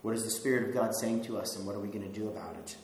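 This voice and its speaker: A pastor with a lowish, slightly mellow voice races through a sermon in a conversational style, chuckling now and then and putting questions to his listeners. The hall is very echoey, with a faint hiss.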